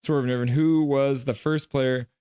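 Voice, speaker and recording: A man's voice: mid-range voice, steady tone, measured pace, dark tone, clear, resonant tone, no room sound, clean studio sound. A man hosting a live hockey reaction stream, reading viewers' chat messages aloud, joking and slipping into play-by-play calls. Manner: chatty, jokes and breaks into play-by-play.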